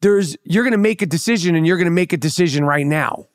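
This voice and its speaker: A man's voice: sits high, fast talker, dry recording, studio quality. A brash man hosting a podcast, teasing his guest with profane casual chat. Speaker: podcast host.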